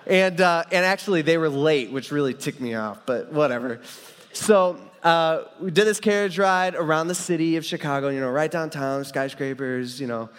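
A man's voice: on the high side, normal speed, clear, resonant tone. Casual young male preacher in a reverberant hall. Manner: casual, rambling storytelling with many fillers and restarts. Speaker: pastor. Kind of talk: sermon with personal story.

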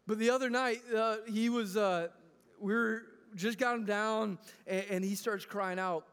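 Male pastor, thirties, high voice, earnest conversational sermon, big reverberant sanctuary. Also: fairly even intonation, measured pace, fairly bright tone, smooth. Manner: earnest, conversational preaching with frequent restarts. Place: church sanctuary. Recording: long reverb of a large hall.

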